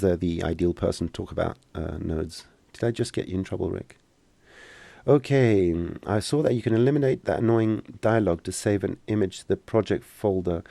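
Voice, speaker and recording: Low gravelly man. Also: dark tone, no room sound. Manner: casual, joking, hesitant with many fillers. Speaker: software instructor. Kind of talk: live-streamed tutorial Q&A.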